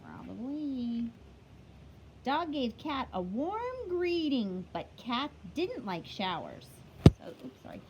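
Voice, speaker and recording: A woman's voice: high voice, dull audio, slight background noise. A woman teacher reading a picture book aloud to children, chatty, stopping to explain words along the way.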